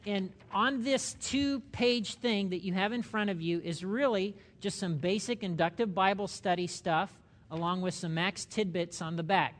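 A middle-aged man leading a church Bible study, talking conversationally and asking the group questions as he teaches. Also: high-pitched. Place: church meeting room.

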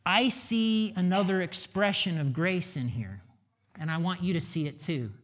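A man's voice: sits high, expressive, normal speed, a bit bright. A middle-aged man, a pastor and father, preaching a conversational sermon full of rhetorical questions.

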